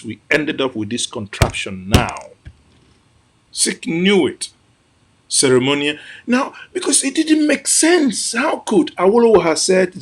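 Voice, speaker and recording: A man's voice: mid-range voice, breathy edge. A man with a Nigerian accent giving impassioned commentary as host, emotional and exclamatory, repeating phrases for emphasis. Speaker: host reacting to an archive clip.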